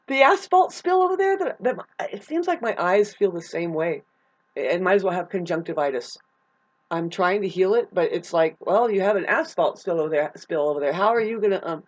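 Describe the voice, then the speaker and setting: A woman's voice: medium pitch, muffled recording. A middle-aged woman venting at home in a rambling, agitated personal monologue, swearing often. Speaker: vlogger.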